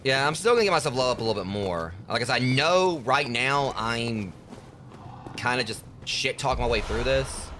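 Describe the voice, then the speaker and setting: A man's voice: medium pitch, expressive, normal speed, sharp tone, a little hiss or hum. Brash trash-talking man gaming streamer. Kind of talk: casual gameplay commentary.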